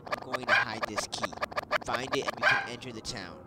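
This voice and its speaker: A man voicing a tough male dog who guards a town and talks like a threatening bully, over loud background noise. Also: mid-range voice, moderate pace, close to an everyday voice. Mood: gruff. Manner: gruff, threatening tough-guy talk. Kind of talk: game voice-over role-play.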